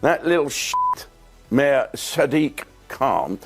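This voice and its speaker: A man's voice: medium pitch, big pitch swings, slow, soft background music. A man delivering a sweary, sarcastic political rant, blunt and mocking, with crude asides. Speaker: political commentator.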